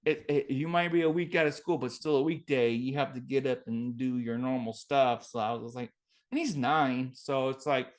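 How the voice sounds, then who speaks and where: A man hosting a casual podcast, rambling through a story with plenty of profanity. He slips into quoted voices as he talks, with a middle-of-the-road pitch. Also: normal speed. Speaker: podcast host. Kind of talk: casual chat.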